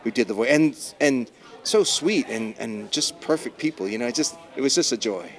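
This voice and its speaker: A man's voice: mid-range voice, moderate pace. A man being interviewed as a showrunner, talking enthusiastically in long rambling runs full of restarts. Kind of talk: casual interview chat. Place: busy convention floor.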